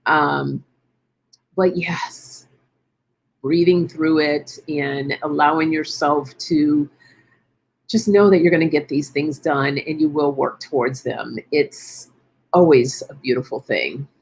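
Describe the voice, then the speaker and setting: Middle-aged lady hosting a wellness chat, low voice, kinda husky, encouraging and chatty. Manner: encouraging, chatty, thinks aloud with fillers. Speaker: live stream host. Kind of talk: casual wellness chat reading viewer comments.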